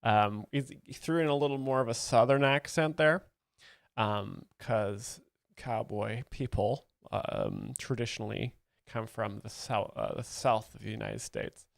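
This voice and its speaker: A man's voice: lowish voice, very animated, unhurried, creaky, dry recording. Male streamer, chatty and laughing, explaining jokes, dry close mic. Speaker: host reacting to a comedy clip. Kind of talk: livestream commentary.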